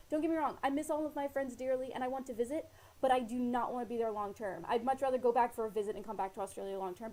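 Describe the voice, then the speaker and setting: A fairly high-pitched, slightly mellow female voice comes through a low-quality recording. The speaker, a vlogger in Australia, shares personal advice to camera in an earnest, casual way, rambling with plenty of fillers and replayed dialogue.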